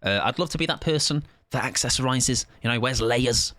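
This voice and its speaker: A man's voice: medium pitch, a little fast, bright, forceful tone, dry recording, studio quality. A man chatting casually on a live game stream, joking and rambling with plenty of self-mockery. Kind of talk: live gaming stream chat.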